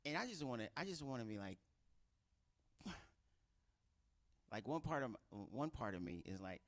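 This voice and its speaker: Middle-aged male pastor, casual teaching sermon, very lively intonation. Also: mid-range voice, a little slow. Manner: conversational, animated, acts out quoted voices.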